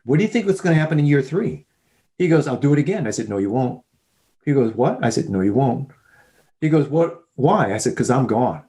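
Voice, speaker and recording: A man's voice: on the high side, fast talker. A man guest on a podcast, telling sales stories and acting out both sides of the conversations. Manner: animated storyteller, acts out both sides of dialogues. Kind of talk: storytelling in a podcast interview.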